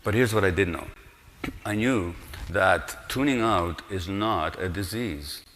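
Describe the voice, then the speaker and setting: A man's voice: low voice, a little slow, fairly bright tone, a little hiss or hum. A man in his sixties giving a public lecture, earnest and emphatic, with rhetorical questions to his audience. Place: lecture hall. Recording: long reverb of a lecture hall.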